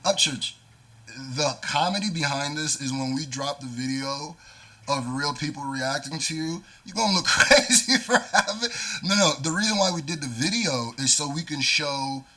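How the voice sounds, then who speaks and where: A man's voice: fairly high pitch, animated, normal speed, pushed and bright. A man talking straight to the camera, confronting and lecturing a rival rapper. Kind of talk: direct-to-camera callout.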